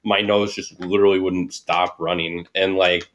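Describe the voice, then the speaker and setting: A man's voice: sits low, flat delivery, moderate pace, a bit bright, slight background noise. A man co-hosting a casual podcast, rambling through a story with constant filler words. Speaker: podcast co-host. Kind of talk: casual chat.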